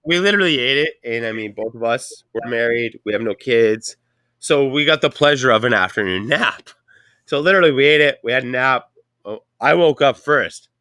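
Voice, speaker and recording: A man's voice: mid-range voice, lively intonation, normal speed, bright, forceful tone, no room sound, studio quality. A man with a Canadian accent hosting a casual chat, telling a rambling story full of profanity. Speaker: podcast host.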